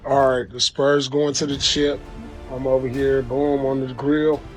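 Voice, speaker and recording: A man's voice: mid-range voice, little pitch movement, a little slow, soft background music. A man giving casual, slangy commentary on basketball, talking at his grill. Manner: slangy, conversational. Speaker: sports commentator. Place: outdoors at a grill.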